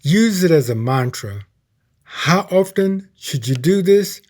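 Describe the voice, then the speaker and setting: A man giving a sermon as minister, slow and emphatic, dropping to a hushed tone for prayer. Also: on the high side, lively intonation.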